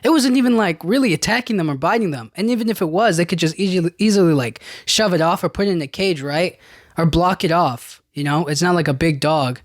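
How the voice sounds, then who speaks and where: A young man talks through a film in a loose, rambling podcast monologue, full of filler words and exasperated asides. His voice sits a bit high for a man. The sound is close and dry. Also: brisk, no echo. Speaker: podcast host. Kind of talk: casual movie review monologue.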